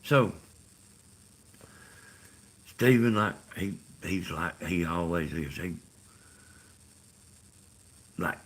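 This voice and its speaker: A middle-aged Southern man from Georgia hosts a live stream in a rambling, easygoing way. His voice sits low and carries a husky grain. He wanders through his thoughts with plenty of "you know.". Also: very slow, long pauses. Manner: meandering, full of "you know" and "like". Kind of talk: rambling casual chat.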